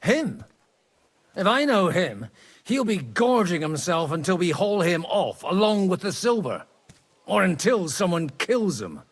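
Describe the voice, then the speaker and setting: Husky boozy game priest, higher voice, swings up and down a lot, blunt and grumbling, music behind. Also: male voice, sing-song, a little slow, exaggerated voice. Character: boozy irreverent male priest posing as a cardinal. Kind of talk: video game dialogue.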